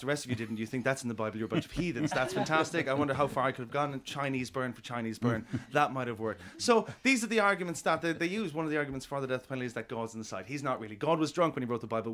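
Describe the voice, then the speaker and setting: A man's voice: mid-range voice, fairly bright tone. An Irish man performing a wry stand-up routine as a comedian. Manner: quick, wry, self-deprecating delivery.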